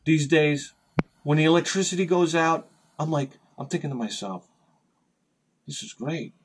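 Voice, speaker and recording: A middle-aged man telling a rambling, profane story as a video host, sometimes shouting as he acts out his panic. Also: fairly high pitch, moderate pace, husky. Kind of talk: casual storytelling vlog.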